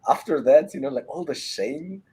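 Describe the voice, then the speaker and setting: A man in casual podcast chat who reacts with incredulous, expressive remarks. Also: fairly high pitch, normal speed, breathy edge.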